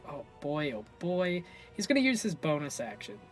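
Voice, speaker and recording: A man's voice: fairly high pitch, faint music behind. A man narrating as game master, livening up his storytelling and correcting himself on the fly. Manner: animated, quick self-corrections.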